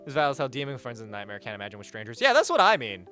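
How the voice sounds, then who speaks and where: A man's voice: mid-range voice, wildly swooping pitch, rapid-fire, pushed and bright, smooth, faint music behind. A young man streaming live, chatting casually, reading out chat and donations, blunt and swearing freely as he rants. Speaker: livestreamer.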